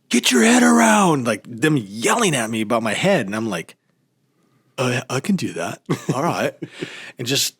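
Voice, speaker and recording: A man with a fairly low voice tells a story in a relaxed, casual way. He acts out what people said as he goes. The sound is close and dry, with little room behind it. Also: no room sound. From United States. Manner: animated storytelling, acts out quotes. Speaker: podcast host. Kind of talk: casual chat.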